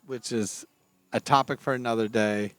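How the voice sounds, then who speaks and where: A man from Florida co-hosts a relaxed podcast from a back porch at night. He rambles along with hesitations and self-corrections, his voice at an ordinary middle pitch. The sound is dry and close, without any room echo. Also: moderate pace. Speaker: podcast co-host. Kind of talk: casual chat.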